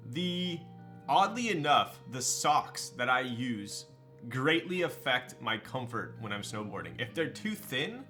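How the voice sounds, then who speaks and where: A young man chatting loosely with his stream chat, his voice bright and a little sharp. He talks in a relaxed, slangy way, with plenty of fillers and restarts, while faint music runs behind him. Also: medium pitch. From Southern California. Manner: laid-back, slangy, with frequent fillers and laughs. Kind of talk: casual live-stream chat.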